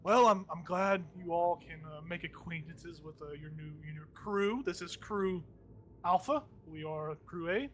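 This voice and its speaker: A man's voice: fairly high pitch, unhurried, a little hiss or hum, natural voice. A man playing a nervous, grumbling corporate handler who mutters and rambles. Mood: flustered.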